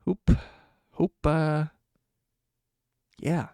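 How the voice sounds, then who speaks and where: A man's voice: on the high side, animated, measured pace, vocal fry, pauses often, a little mellow, no echo, clean studio sound. A man hosting a casual solo livestream podcast. He rambles, restarts his sentences, corrects himself often and laughs a lot. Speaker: podcast host.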